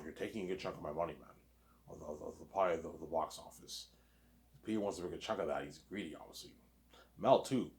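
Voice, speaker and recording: A man's voice: deep voice, fairly bright tone. A man rambling through a casual solo monologue, repetitive and profane, saying 'obviously' over and over.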